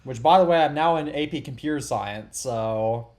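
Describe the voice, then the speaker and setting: A man's voice: medium pitch, moderate pace, a little mellow. A teenage boy hosting a casual tech podcast, rambling with many restarts and dry sarcastic quips. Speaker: podcast host.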